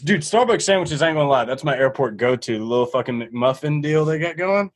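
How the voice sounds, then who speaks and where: A young man hosts a casual podcast chat with a somewhat high voice. He is laid-back and quick to laugh. He keeps calling his guest dude. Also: lively intonation. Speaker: podcast host.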